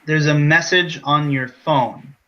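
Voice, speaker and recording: Man, game master, slow hesitant delivery, bright tone, somewhat high voice. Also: steady tone, muffled recording. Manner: unhurried, hesitant with fillers. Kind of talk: running a tabletop game.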